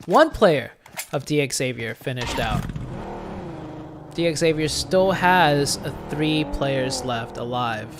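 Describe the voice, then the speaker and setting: A solo esports caster streaming play-by-play from a home setup. The voice drifts between offhand chatter and sudden excited calls whenever the shooting starts. Faint game gunfire runs underneath. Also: medium pitch, slow, noisy background. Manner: chatty and offhand in lulls, bursting into excited calls during fights.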